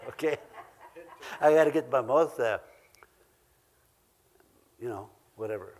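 A man's voice: medium pitch, expressive, measured pace, a little mellow. A man with an Ojibwe accent preaching a sermon, earnest and repeating key phrases for emphasis, with chuckles between points.

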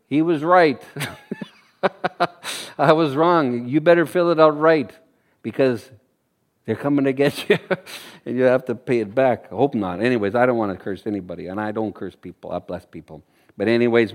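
Man, high voice, preacher, sermon, animated, laughing, acting out quotes. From Canada.

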